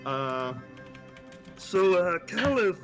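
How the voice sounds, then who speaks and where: A man's voice: high voice, sing-song, extremely slow, music in the background, voice pushed down, heavily acted. A man voicing a nervous, prying young male adventurer who stammers and repeats his words.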